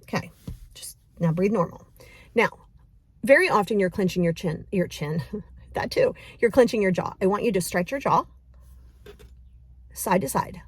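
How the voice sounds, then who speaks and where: A woman leading a guided mindfulness exercise, talking casually and straight to the viewer with lively bursts. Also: mid-range voice, normal speed, long pauses, breathy edge, no room sound. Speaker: mindfulness coach.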